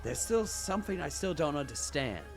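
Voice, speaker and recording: A man streaming a visual novel, reading the protagonist's lines and narration aloud in an animated way. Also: a little high, normal speed, music in the background. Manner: animated, self-mocking, swears freely.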